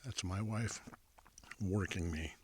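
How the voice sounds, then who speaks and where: A man telling a casual, chatty anecdote in a soft-spoken ASMR style, close to a studio microphone. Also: sits low, takes it slowly, slight background noise. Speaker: ASMR storyteller. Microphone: close studio condenser mic.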